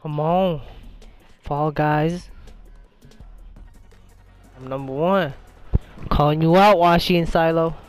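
A young man streaming a party game, hyped and yelling at the screen, trash-talking his friends. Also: fairly high pitch, fairly even intonation, slow pace, pauses often, smooth, soft background music. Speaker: gaming streamer. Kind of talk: excited gameplay commentary.

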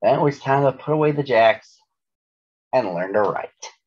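A man reading a children's storybook aloud in a gentle, unhurried way. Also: medium pitch, lively intonation, breathy edge. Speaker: storybook reader. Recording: dull lo-fi recording.

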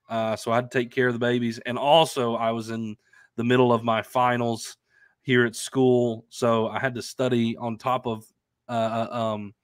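Allergies leave this co-host sounding stuffy and nasal as he chats cheerfully, with lots of fillers, on a casual sports talk stream from his home in Arkansas. He has a clear, resonant, medium-pitched male voice, captured on a remote stream microphone with studio quality and no room sound.

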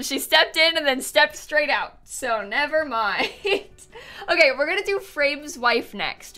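A woman's voice: a little high, bright, forceful tone. A woman chatting casually on a live stream, touring viewers' game builds, bubbly and chatty with lots of "like"s, a bit sleepy and yawning.

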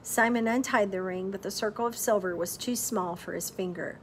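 Woman, storybook read-aloud, expressive, teacher-like asides, mid-pitched voice. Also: a little hiss or hum. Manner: expressive, pauses to quiz listeners.

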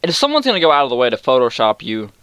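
A young man telling a story in an exasperated, sarcastic rant, swearing freely and breaking into sudden high outbursts. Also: huge pitch swings, rapid-fire, a bit bright, clean tone, no room sound. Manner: jumps to high-pitched outbursts. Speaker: vlogger. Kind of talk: ranting storytime.

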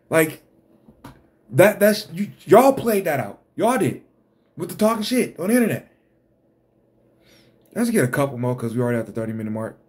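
A man's voice: on the high side, big pitch swings, moderate pace, pauses often, a little mellow. A man hosting an exasperated ranting commentary, blunt and profane. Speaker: host.

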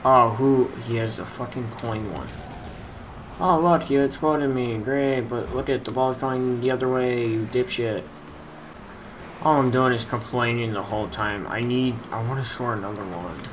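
A man's voice: mid-range voice, normal speed, slight background noise, poor audio. A young man commenting on his own gameplay, frustrated, muttering and swearing at his opponents. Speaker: gaming youtuber.

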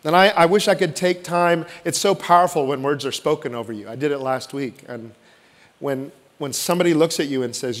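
A man preaching a sermon as pastor, swinging from loud emphatic lines to hushed, intimate ones. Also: a little high, fairly quick. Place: church sanctuary. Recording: long church reverb.

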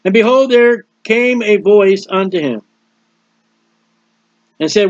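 A man's voice: sits high, measured pace, long pauses, no echo. A man preaching a sermon, explaining scripture plainly and reading out the verses in turn. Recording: dull dry lo-fi recording.

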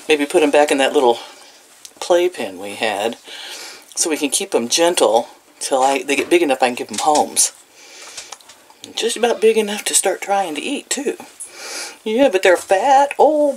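An older woman vlogging at home, talking sweetly to her animals in baby talk. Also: fairly low pitch. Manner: coos and baby-talks to the animals, laughs often. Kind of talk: casual vlog, talking to animals.

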